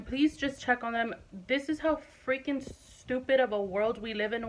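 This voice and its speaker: In a personal vlog, a woman in her twenties speaks to her viewers passionately and emphatically, repeating points for stress. Her voice is on the high side and a bit bright. The recording is rough.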